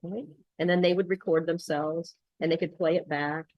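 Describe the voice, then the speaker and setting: A woman's voice: lowish voice, fairly even intonation, normal speed, no room sound, highs cut off. A woman accent coach walking through her course materials, explaining steadily with frequent ums. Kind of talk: screen-share tutorial walkthrough.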